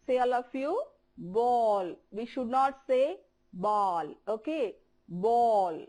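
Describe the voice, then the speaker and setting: A woman teaching primary-school English on television, with an Indian English accent, speaks slowly and repeats words for children to copy. Her voice is a little high, expressive and warm.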